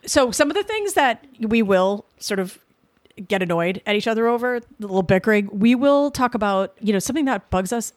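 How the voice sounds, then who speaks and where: A woman's voice: medium pitch, animated, brisk, dry recording. A woman in her forties from the Boston suburbs, co-hosting a podcast in casual, sarcastic banter that rambles through self-corrections. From Boston suburbs, USA. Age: 40s. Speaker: podcast co-host.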